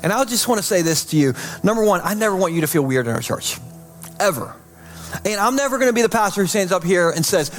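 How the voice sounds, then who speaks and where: A man preaching as pastor, casual and chatty, dropping low and slow each time he repeats "holy.". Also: animated, soft background music. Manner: repeats "holy" softly and slowly, chatty asides. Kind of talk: sermon.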